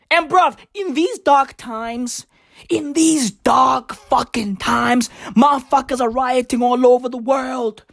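High, lively profane woman ranting. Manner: profane, slangy, emphatic, swings between shouting and hushed asides. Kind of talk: stand-up style comic rant.

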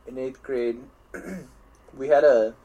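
A man's voice: mid-range voice, slow, highs cut off. Rambling young man telling school stories. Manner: rambling storytelling with frequent restarts and swearing; laughs at his own stories. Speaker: podcast co-host. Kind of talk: casual chat.

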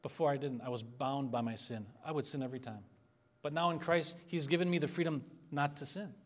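A man's voice: mid-range voice, fairly quick. A man preaching an expository sermon as a pastor, earnest and conversational, asking the congregation for responses.

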